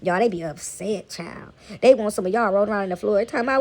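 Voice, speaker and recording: A woman talks to her viewers from home in a loose, rambling way, circling back over the same phrases. Her voice is gravelly and husky, with a mid-range pitch. Now and then she slips into mocking voices. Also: quick pace, hardly any pauses, a little mellow. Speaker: vlogger. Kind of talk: casual spiritual commentary to viewers. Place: at home, sitting back among laundry.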